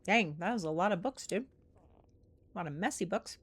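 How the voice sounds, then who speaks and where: A woman's voice: fairly low pitch, lively intonation, moderate pace, husky, no echo. A woman streaming a game, chatting casually and reacting aloud to what happens on screen.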